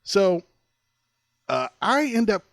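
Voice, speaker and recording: Man, podcast co-host, casual storytelling, lively swooping pitch, dry close sound. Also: slow pace, creaky, no echo. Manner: animated, laughing storyteller.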